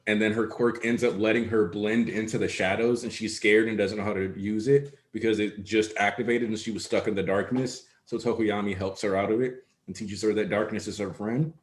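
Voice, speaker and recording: A man's voice: fairly low pitch, fairly even intonation, a little fast, few pauses. A man co-hosting a casual discussion, explaining his points at length in an analytical way. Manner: analytical, talks in long explanations. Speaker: co-host. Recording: echoey room.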